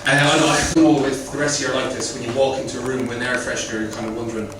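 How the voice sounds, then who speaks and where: A man's voice: medium pitch, steady tone, rapid-fire. A man from the west of Ireland with an Irish accent, doing a chatty, rambling stand-up set and quizzing the crowd. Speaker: stand-up comedian. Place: comedy club. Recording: echoey club from far off.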